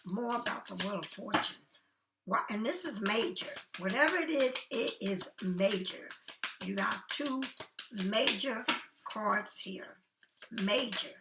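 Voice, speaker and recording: A woman giving a casual tarot reading, talking softly and often half-whispering in a chatty, reassuring way, a little tired. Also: a little high, vocal fry, a little hiss or hum. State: yawning, tired. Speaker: tarot card reader.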